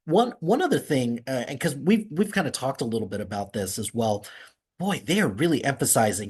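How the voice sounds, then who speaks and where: A man hosting a casual podcast chat over an internet call, rambling and relaxed with many restarts. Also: medium pitch, brisk, husky. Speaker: podcast host. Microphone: remote call over internet.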